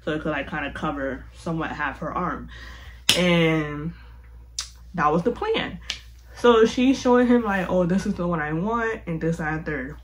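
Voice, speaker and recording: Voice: mid-range voice, moderate pace, slight background noise, low-quality recording. A young adult vlogger telling a story casually to camera in a chatty, slangy way, filling the talk with "like". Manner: chatty, heavy use of "like", slangy.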